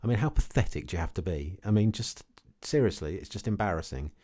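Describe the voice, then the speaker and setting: A man's voice: deep voice, animated, quick pace, warm tone. A man ranting casually to camera about his investments, blunt and repetitive, often tagging his points with "okay". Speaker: crypto vlogger.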